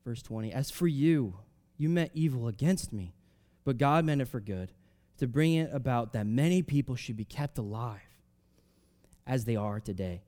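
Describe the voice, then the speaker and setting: A man preaching a sermon, reading scripture aloud and explaining it in a conversational way, swinging between loud emphatic rises and soft drops. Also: mid-range voice, expressive, moderate pace. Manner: reads scripture aloud, then explains it casually with fillers.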